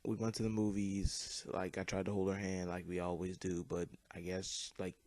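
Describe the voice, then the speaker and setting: A man's voice: deep voice, completely flat delivery, normal speed, a little mellow, dry recording. A teenage boy telling a personal story in a rambling, casual way over gameplay, with lots of fillers and swearing. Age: teens. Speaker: YouTube commentator.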